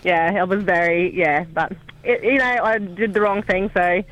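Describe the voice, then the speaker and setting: A man's voice: high-pitched, fairly even intonation, normal speed, a bit bright, muffled recording. A man chatting as a guest on a radio show, giggly and laughing often. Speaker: lodge operator, studio guest. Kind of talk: casual radio chat.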